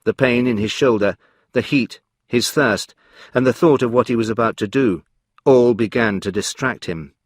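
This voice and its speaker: Calm, measured male narrator. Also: mid-range voice, husky, no room sound, clean studio sound. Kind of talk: scripted story narration for learners.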